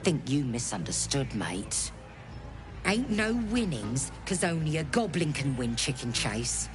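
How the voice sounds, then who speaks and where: A woman voicing a brash goblin who runs a chicken-chase game, gruff, bossy and taunting. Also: rumbling low, big pitch swings, measured pace, exaggerated voice. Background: game music.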